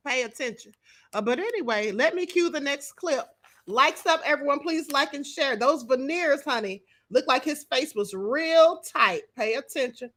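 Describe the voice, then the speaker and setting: A woman hosts an online commentary show in a high voice with a bright, sharp edge. She talks in a sassy, chatty way and calls her listeners honey as she breaks down a video clip. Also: lively intonation, normal speed. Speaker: host.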